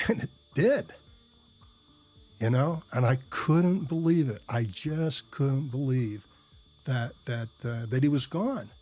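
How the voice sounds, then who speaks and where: A man's voice: mid-range voice, slow, warm tone. A man telling a personal story in a casual, rambling way, with many fillers and restarts and blunt, salty language. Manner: blunt, profane.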